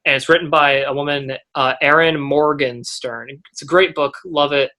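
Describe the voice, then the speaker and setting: A teenage boy and young actor in a casual interview, rambling and halting, with frequent restarts. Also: fairly high pitch, steady tone, sharp tone.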